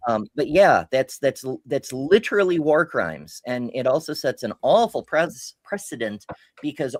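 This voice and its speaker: A woman with a very deep, sing-song, slightly mellow voice co-hosts a podcast at a moderate pace. She reads viewer chat messages aloud and then responds with frank, blunt remarks in a casual, chatty way.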